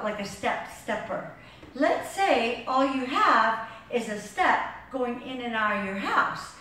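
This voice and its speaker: A somewhat high-voiced woman leads an exercise lesson, counting reps as she moves and running short of breath. She talks slowly and sits back from the mic. The room around her is very echoey, with a light hiss behind. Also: a bit bright, recorded from a distance. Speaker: fitness instructor. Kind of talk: workout demonstration.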